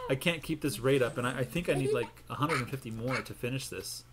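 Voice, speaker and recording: A man's voice: medium pitch, fast, very noisy. Rambling casual man telling a joke. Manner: rambling, self-interrupting storyteller. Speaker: gaming channel host. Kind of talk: casual gameplay commentary.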